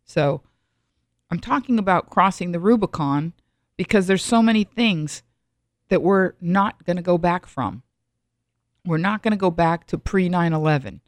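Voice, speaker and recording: A woman's voice: lowish voice, moderate pace, long pauses, no room sound. Middle-aged woman musing solo, meandering with asides, dry close sound. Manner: rambling, with frequent restarts and asides. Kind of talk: reflective solo monologue.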